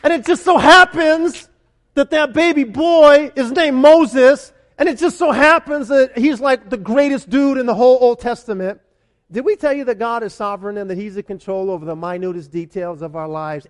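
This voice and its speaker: A high-voiced male pastor preaching with animated, conversational energy. He drives home his points through emphatic repetition and questions to the congregation. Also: normal speed. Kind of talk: sermon.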